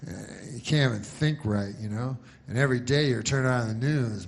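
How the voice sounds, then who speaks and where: A man doing stand-up comedy, telling a long story in a deadpan, rambling way. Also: medium pitch, brisk, slight background noise.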